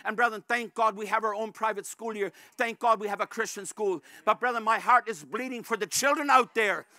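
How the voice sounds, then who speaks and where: A male pastor preaching a fervent sermon, repeatedly addressing the congregation as brethren and rising to shouts at the peaks. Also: high-pitched, a little fast, dry recording. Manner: rises to shouts at climaxes.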